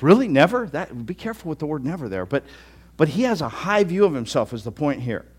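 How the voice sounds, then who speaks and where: A man's voice: on the high side, big pitch swings, fast, husky. A middle-aged male pastor preaching a sermon to a live congregation, in a conversational way that often repeats and restarts words. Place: church hall with a live congregation.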